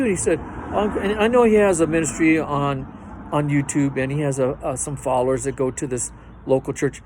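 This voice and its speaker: A man's voice: on the high side, moderate pace, background noise. A man hosting his own faith vlog, preaching earnestly and directly to viewers and repeating himself for emphasis. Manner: fervent, earnest, speaks straight to viewers. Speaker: host of a religious video channel.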